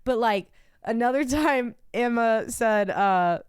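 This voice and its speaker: Young woman cohost on a podcast, smooth clear voice, laughs a lot, swears, chatty storytelling. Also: a little high, slow pace, dry recording, studio quality. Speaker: podcast co-host. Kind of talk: casual chat.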